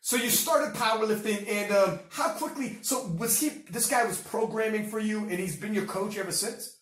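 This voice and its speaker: A man from Canada hosting a casual interview, chatty and swearing freely, telling animated stories. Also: high-pitched, normal speed, distant mic. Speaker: podcast host. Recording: echoey room, voice off-mic.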